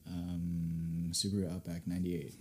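A man's voice: deep voice, completely flat delivery, unhurried, dark tone, slight background noise. A young man as a podcast guest, giving short, hesitant answers with a lot of "uh" and frequent laughs. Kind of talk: casual chat answering questions.

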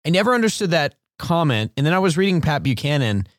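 A man's voice: on the high side, big pitch swings, quick pace, no echo, studio quality. A man in his late thirties co-hosting a podcast, speaking in a reflective, conversational way. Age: 30s. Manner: reflective, conversational, with some repeated words. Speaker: podcast co-host. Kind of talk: casual discussion.

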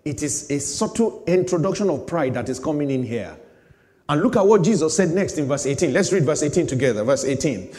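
Man preaching a dynamic sermon in a reverberant hall. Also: lively intonation. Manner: preaching with sudden swings between loud, high bursts and low, slow emphasis. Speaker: pastor.

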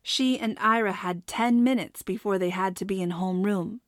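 A woman narrating a storybook in a steady, measured way. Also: medium pitch, no echo, clean studio sound. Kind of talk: audiobook narration.

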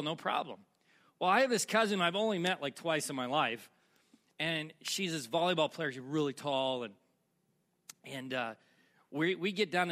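A man's voice: high voice, pushed and bright. A man preaching a sermon to a congregation, telling a personal story in a conversational way and asking the audience questions. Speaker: pastor.

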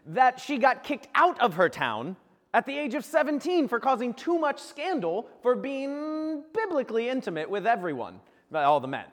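His pitch extremely high and sing-song, a man preaches at a moderate pace, spinning a saint's story with jokes and acted-out voices for each figure. The tone is fairly bright, trailing into a long reverb.

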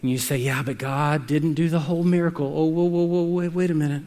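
A male preacher delivering a sermon, telling stories with dynamic swings from quiet to shouting. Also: fairly high pitch, fairly even intonation, brisk. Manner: dynamic storytelling, rising to shouts at climaxes.

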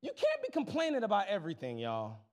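A young man preaching a sermon as pastor, casual and humorous, calling the crowd y'all and swinging between soft asides and loud exclamations. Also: high voice, wildly swooping pitch, fast talker. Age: young adult.

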